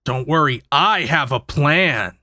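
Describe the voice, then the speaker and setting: A man voicing a scheming male movie villain who hatches a devious plan in a hurried, conspiratorial way. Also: on the high side, lively intonation, pushed and bright, no echo, clean studio sound, voice pushed down, exaggerated voice.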